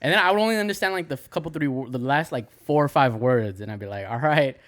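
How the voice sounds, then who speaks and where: A young man in casual podcast banter, loose and profane. He tells long stories and slips into voices for the people in them, jumping in pitch as he goes. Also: quick pace, very noisy. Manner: profane, animated storytelling with acted-out voices. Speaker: podcast co-host. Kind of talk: casual chat.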